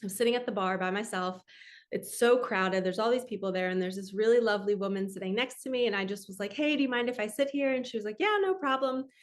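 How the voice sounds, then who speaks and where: A woman's voice: mid-range voice, quick pace. Heartfelt chatty woman sharing a story. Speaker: spiritual podcast host. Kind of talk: personal storytelling and encouragement.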